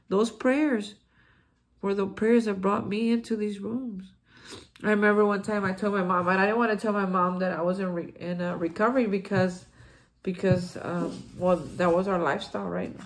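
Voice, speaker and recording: A man's voice: sits high, fairly even intonation, normal speed, creaky. A man hosting a daily recovery reflection, speaking in an earnest, encouraging way with frequent restarts. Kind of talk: heartfelt spiritual recovery talk.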